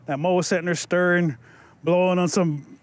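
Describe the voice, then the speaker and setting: A man telling a folk story at a museum, in a lively, animated way and speaking directly to his listeners. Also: sits high, brisk.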